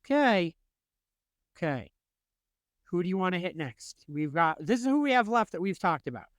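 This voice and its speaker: A man co-hosting a casual podcast chat, animated and quick to laugh. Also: dry recording, clean studio sound. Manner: animated, laughing, swings in pitch. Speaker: podcast co-host.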